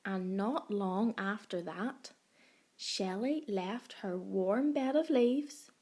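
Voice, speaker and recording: A woman's voice: mid-range voice, husky. A woman primary school teacher reading a picture book aloud to young children. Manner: slow, expressive.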